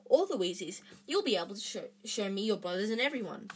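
A woman voicing a young boy wizard, earnest and longing, speaking in an urgent, hushed way. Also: medium pitch, big pitch swings, quick pace, a little hiss or hum, close to an everyday voice. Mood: eager.

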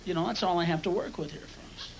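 A man's voice: high voice, fast talker, gravelly. A male stand-up comedian performing live on a club stage, with profane, explosive screaming outbursts. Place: comedy club stage before a loud audience. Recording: lo-fi live club recording, roaring crowd.

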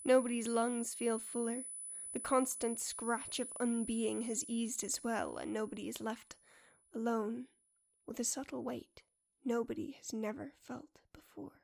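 A woman narrating a story in a soft, quiet and measured voice, sometimes dropping near a whisper. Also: on the high side, gravelly. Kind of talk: storybook reading.

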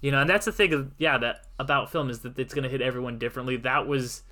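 Bright-voiced man reviewing films casually. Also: medium pitch, quick pace. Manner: rambling, restarts often. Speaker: podcast co-host. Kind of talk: casual film review chat.

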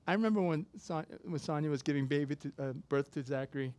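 A man preaching a sermon, telling a personal story casually with sudden loud, emphatic bursts. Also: fairly high pitch, quick pace. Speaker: pastor.

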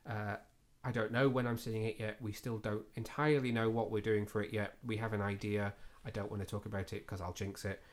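A man's voice: fairly low pitch, level tone, fairly quick, few pauses. Chatty man hosting a podcast. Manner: chatty, self-deprecating, with frequent fillers. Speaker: podcast host. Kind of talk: casual film review chat.

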